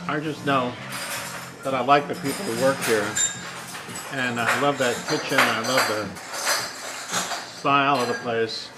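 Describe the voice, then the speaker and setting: A diner talks in an easygoing, chatty way at an ordinary pitch. Loud clatter of cutlery and dishes fills the background. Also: male voice, steady tone, measured pace, pauses often, very noisy. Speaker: restaurant customer. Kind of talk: casual interview comments.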